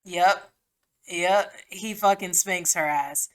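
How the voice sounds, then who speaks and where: A woman's voice: on the low side, takes it slowly. A woman hosting a podcast, giving a casual book reaction in a blunt, slangy, profane way with lots of "like" fillers. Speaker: podcast host.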